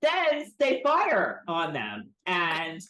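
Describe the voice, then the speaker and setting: A woman co-hosting a casual TV recap, her pitch swinging widely as she talks. She slips into mocking character voices to make her points, loose and chatty. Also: wildly swooping pitch, extremely slow, fairly bright tone. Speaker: podcast co-host.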